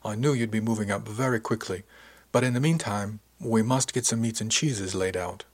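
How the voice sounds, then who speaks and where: A man's voice: fairly low pitch, normal speed, natural voice. A man voicing a kindly, formal male ship's cook with polite, precise phrasing. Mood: genial.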